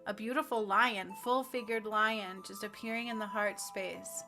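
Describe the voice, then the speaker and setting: A woman leading a guided healing meditation, speaking slowly and earnestly and reciting affirmations aloud. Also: medium pitch, fairly even intonation, music in the background. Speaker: spiritual healer.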